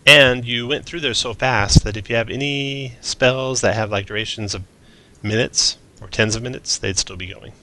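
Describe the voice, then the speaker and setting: A man's voice: mid-range voice, moderate pace, pushed and bright. A man narrating as game master of a tabletop role-playing game, mixing descriptive narration with casual asides.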